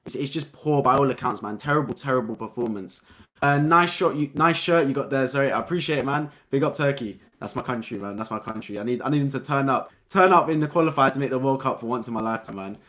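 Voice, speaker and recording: Fast-talking young man reviewing football. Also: mid-range voice. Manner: excitable, repeats points, says "man" often. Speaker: football live-stream host. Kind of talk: live-stream football review.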